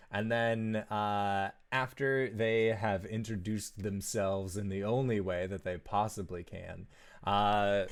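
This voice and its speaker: A man narrating as game master of a tabletop game, relaxed and descriptive with frequent pauses. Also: fairly low pitch, clean tone.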